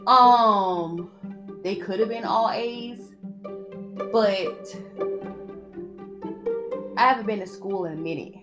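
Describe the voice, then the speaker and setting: Soft-spoken, blunt young woman podcaster. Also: slow, pauses often, music in the background. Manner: soft-spoken, low-key delivery; blunt and opinionated, with slangy asides. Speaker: podcast host. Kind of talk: casual solo podcast monologue.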